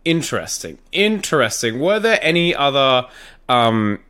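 A man's voice: mid-range voice, big pitch swings, measured pace, sharp tone, smooth. A man hosting a podcast, chatting casually and playfully, poking fun at himself. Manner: playful, self-mocking. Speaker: podcast host. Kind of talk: casual chat.

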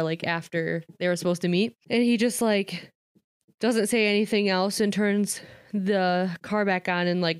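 A woman reads a novel aloud in a smooth, clear voice, then drifts into loose retelling full of "like" and easy laughter. She is recorded close and dry, with no room sound. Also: fairly low pitch, dry recording. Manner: reads a novel aloud, breaking off to paraphrase with lots of "like"; laughs often. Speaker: reader and commentator. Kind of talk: casual read-aloud with chat.

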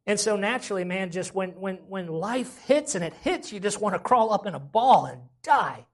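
Husky-voiced preaching pastor man. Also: sits high, animated, moderate pace, few pauses. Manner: preaching with rising emphasis and frequent "amen?" calls. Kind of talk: sermon.

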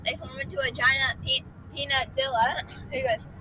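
A groggy woman co-hosting a casual family podcast with her son, animated and giggly with lots of ums. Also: sits high, moderate pace, slight background noise, low-quality recording. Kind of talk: casual family chat and storytelling.

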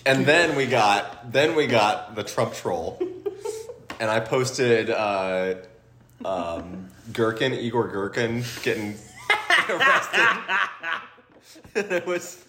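A man co-hosting a podcast, chatting casually and telling wry stories with quick asides. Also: medium pitch, big pitch swings, sharp tone, a little hiss or hum. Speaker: podcast co-host, social media manager. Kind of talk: casual chat. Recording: roomy.

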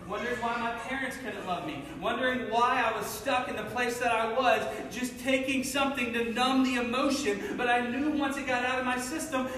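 Man from Cincinnati, personal testimony, intense storyteller, loud then hushed; lots of reverb in a large hall. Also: very high voice, a little hiss or hum. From Cincinnati, USA. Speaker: speaker sharing his testimony. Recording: echoey hall, mic from far off.

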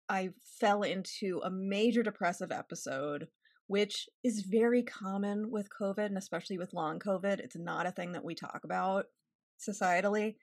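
A woman's voice: mid-range voice, no echo, studio quality. A woman in her forties, a therapist guest in a casual interview, talking candidly and wryly and laughing often. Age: 40s.

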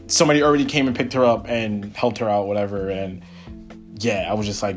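A young man hosting a podcast, telling a personal story in a casual, animated and profane way, acting out what people said. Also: lowish voice, brisk, faint music behind. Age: young adult. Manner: animated, profane, quotes people in his own voice. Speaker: podcast host.

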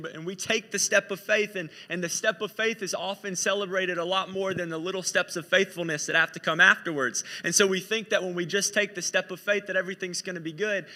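A man's voice: sits high, pushed and bright, long reverb tail. A man preaching a sermon in a conversational, storytelling way, often repeating himself.

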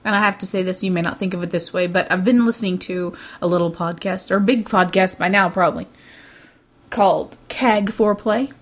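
A woman with an American accent co-hosting a casual movie podcast, playful and quick with asides, laughing often. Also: lowish voice. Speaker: podcast co-host. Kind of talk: casual chat about movies.

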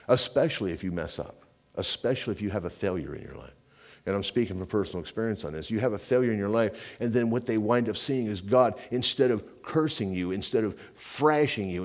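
Animated conversational male pastor preaching. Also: lowish voice. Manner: conversational preaching, says "man" and "you know" often; animated, swinging between loud emphasis and quiet intensity. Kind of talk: sermon.

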